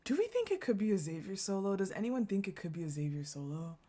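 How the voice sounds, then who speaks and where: A woman's voice: mid-range voice, sing-song, quick pace, mellow. Brief: chatty woman streamer, reads aloud, interrupts herself laughing and cursing. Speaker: gaming streamer. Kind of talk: casual story reading with reactions.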